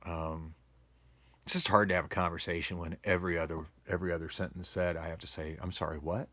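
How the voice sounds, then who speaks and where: A man's voice: sits low, flat delivery, fast, bright, forceful tone. A man vlogging from home on a phone, rambling and complaining wearily in a casual monologue. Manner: weary, complaining, meandering with restarts. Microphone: phone camera.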